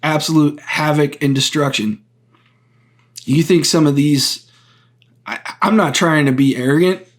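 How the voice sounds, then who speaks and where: A man hosting his own podcast, talking through a topic on his own in an earnest, deliberate way, often stopping to restart a phrase and explain step by step. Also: on the high side. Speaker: podcast host. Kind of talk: solo political commentary.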